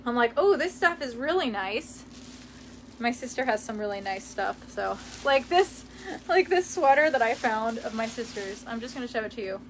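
High-voiced chatty young woman, giggly. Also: animated, fairly quick, slight background noise. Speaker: vlogger. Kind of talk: casual chat reading live comments. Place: room in her parents' house.

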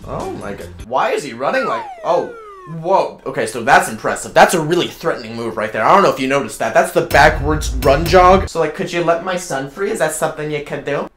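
A man's voice: fairly high pitch, huge pitch swings, fairly quick, a bit bright. A man playing a frantic divorced mom. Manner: rambling, flustered, bursts into shrieks. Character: frantic newly divorced mother hunting her son. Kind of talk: comedic role-play over gameplay. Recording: roomy sound with game music.

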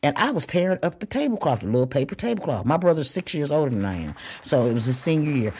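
A woman's voice: sits low, very animated, fast talker, breathy edge. Blunt, profane woman podcaster. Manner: blunt and profane, swings between loud and hushed. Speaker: podcast host. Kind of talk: casual monologue.

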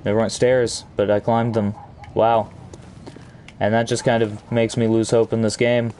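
A man's voice: fairly low pitch, flat delivery, moderate pace, darkish tone, a little hiss or hum. A man giving crude, joking commentary while playing a video game, breaking into mock-outraged rants. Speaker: gaming channel host. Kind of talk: gameplay commentary.

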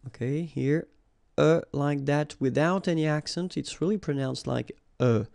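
Slow, gravelly French-accented male teacher. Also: on the high side, a little mellow, dry recording. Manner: patient, repeats each word and checks with "okay?". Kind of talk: vocabulary lesson with pronunciation drills.

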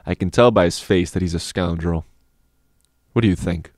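A man voicing a self-assured older schoolboy who speaks softly and with measured calm. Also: deep voice, no echo, clean studio sound, lightly acted. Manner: measured, soft, unhurried.

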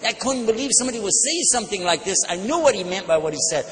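A man giving an animated religious lecture, telling personal stories and acting out the dialogue. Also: sits high, very fast. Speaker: Islamic speaker. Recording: long hall reverb, faint background noise.

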